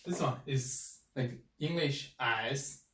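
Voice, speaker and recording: A man whose first language is Chinese, teaching a language lesson slowly and repeating each sound many times. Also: medium pitch, fairly bright tone, a little hiss or hum. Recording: echoey room, mic at a distance.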